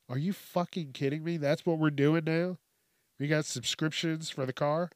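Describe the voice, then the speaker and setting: A slow-talking, profane, ranting man. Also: on the high side, fairly even intonation, no room sound, studio quality. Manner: profane, ranting, laughs often. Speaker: host. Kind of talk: comedic news commentary.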